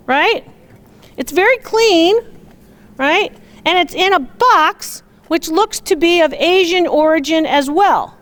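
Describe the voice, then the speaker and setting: A woman antiques appraiser doing a live comedic appraisal show, teasing and bantering with her audience. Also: very high-pitched.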